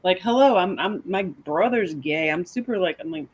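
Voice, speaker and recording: A woman co-hosting a casual podcast chat, telling stories in an animated way and often laughing. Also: on the low side, moderate pace, a little hiss or hum, poor audio. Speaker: podcast co-host.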